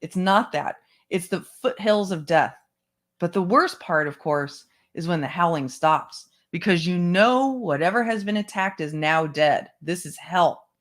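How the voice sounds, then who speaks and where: A book club host reading a memoir aloud at a measured pace, with brief asides to listeners. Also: mid-range voice, animated, a bit bright. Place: home setup, online stream.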